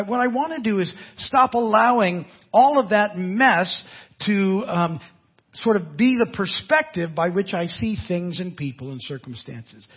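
Animated, husky-voiced male pastor preaching. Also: high-pitched, dull audio. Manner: animated, conversational preaching with laughs and asides. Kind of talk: sermon.

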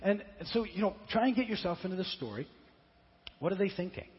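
A man's voice: sits high, lively intonation, a little fast. A male pastor giving a sermon, retelling a story conversationally and often stammering and repeating words. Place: church sanctuary. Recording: dull lo-fi church recording with long reverb.

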